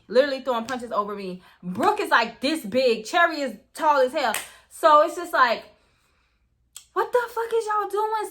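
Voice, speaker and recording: A young woman spins a story with a high, bright voice. She talks casually and with energy, swears freely and keeps turning to her listeners. The voice sits well above the usual range and has a crisp edge. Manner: animated, swears freely, keeps addressing viewers as "y'all". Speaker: storytime vlogger.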